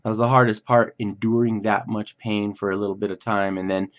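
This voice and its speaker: A man casually telling a personal story for his vlog, animated and swearing freely, acting out what others said. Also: lowish voice, a little fast, lo-fi sound.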